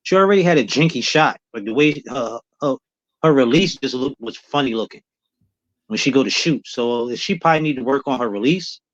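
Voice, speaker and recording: A man's voice: medium pitch, lively intonation, brisk, dry recording. A man, a guest in a casual sports chat, talking bluntly with a teasing edge. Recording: dull, lo-fi call audio.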